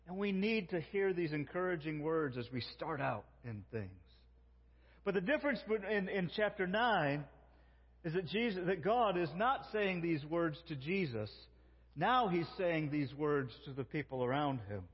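A man preaching a sermon in an earnest way, slowing down to quote God's words. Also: high voice, expressive, breathy edge, long reverb tail, muffled recording. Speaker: pastor.

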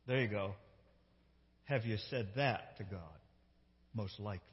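A man's voice: medium pitch, big pitch swings, moderate pace, pauses often. A male lead pastor preaching a sermon, reading scripture aloud with emphatic character lines and asking the congregation questions. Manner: conversational, asks the congregation questions. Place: church sanctuary. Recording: dull reverberant church hall sound.

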